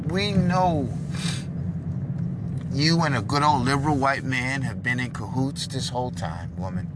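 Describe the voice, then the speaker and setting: A man in a car delivering an impassioned, preachy monologue, swinging between loud outbursts and low hushed lines. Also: moderate pace, pauses often, heavy background noise.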